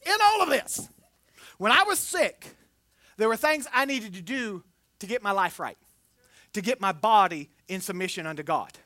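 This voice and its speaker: A woman preaching a sermon, telling personal stories in an animated way and jumping into acted quotes. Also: mid-range voice, no room sound.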